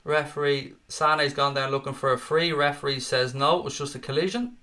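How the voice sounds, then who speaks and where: Sweary, excitable Scouse fan commentator. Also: male voice, fairly high pitch, brisk. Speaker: watchalong host and fan commentator. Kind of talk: live fan commentary and chat reading.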